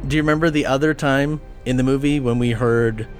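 Male podcast co-host, mid-pitched, analytical and eager, faint music underneath. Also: steady tone, brisk. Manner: enthusiastic, detailed, builds long points. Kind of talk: analytical film discussion.

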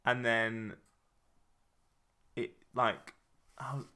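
Casting note: young man, podcast co-host, bright tone, rambling storyteller who laughs at his own jokes. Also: medium pitch, level tone, drawn-out words, clean tone. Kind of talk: casual chat, storytelling.

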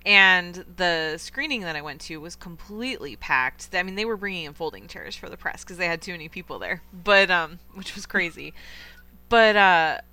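Bright-voiced enthusiastic woman podcast host. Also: on the low side, lively intonation, normal speed, no echo. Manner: enthusiastic, opinionated, chatty with fillers. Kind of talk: casual film review chat.

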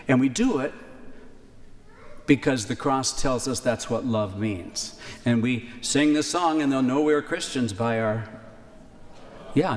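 A man preaching a sermon, conversational, with key lines repeated slowly for emphasis. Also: medium pitch. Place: church. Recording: reverberant church hall, faint ambience.

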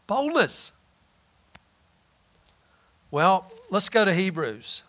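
A man's voice: sits high, moderate pace, bright, forceful tone. A man preaching a sermon in a conversational, emphatic way, often acting out quoted voices.

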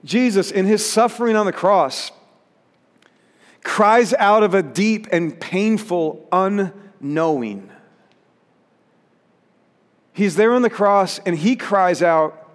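A man's voice: high-pitched, lively intonation, slow pace, long pauses, big-room sound. A pastor preaching a sermon in an earnest way, rising to emphatic peaks as he reads scripture.

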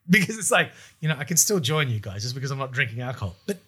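Comedian co-host, man, a touch high-voiced, loose and rambling. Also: expressive, very fast, hardly any pauses, pushed and bright, husky. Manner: rambling, laughs often, swears casually. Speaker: podcast co-host, stand-up comedian. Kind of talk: casual chat.

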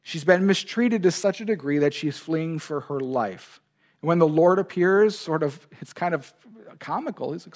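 A man's voice: fairly high pitch, animated, moderate pace, a little mellow. A male pastor delivering an earnest sermon, stressing key words and speaking God's lines with feeling. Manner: earnest preaching, voices God's words with emphasis.

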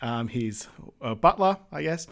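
A man's voice: mid-range voice, animated, measured pace, gravelly, fairly bright tone. A man, co-hosting a podcast, chatting casually through a film's plot with frequent chuckles. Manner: laid-back, chuckling, acts out quoted lines. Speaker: podcast co-host. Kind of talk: casual chat recapping a film.

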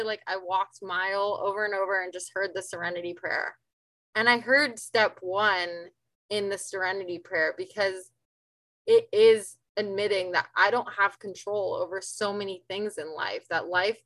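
A woman's voice: mid-range voice, moderate pace, a bit bright, dry recording, rough recording. Earnest woman sharing at a meeting. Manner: earnest, many fillers, breaks into tears near the end. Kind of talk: emotional personal share. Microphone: video call.

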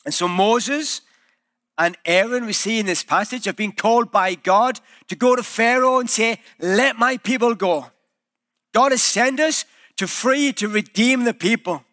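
A male pastor preaching a sermon in a church, telling the story in a lively way and acting out the quoted voices. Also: very high-pitched, normal speed.

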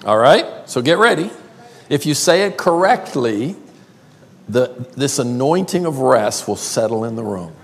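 An older man from South Carolina with a Southern accent, preaching a playful sermon and drawing words out slowly. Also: medium pitch, big pitch swings. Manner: playful, drawls words slowly, calls crowd y'all. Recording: long hall reverb.

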